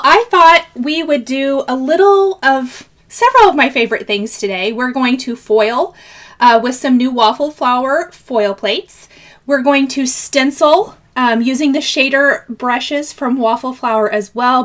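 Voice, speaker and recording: A woman's voice: high voice, a bit bright. A woman from the American Midwest chatting on a live craft stream, greeting viewers by name and laughing often. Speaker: craft channel host.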